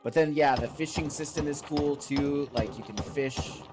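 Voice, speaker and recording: A man's voice: a little high, moderate pace. A man streamer giving casual, rambling gameplay commentary and answering his chat, still congested from a lingering cold. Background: game music.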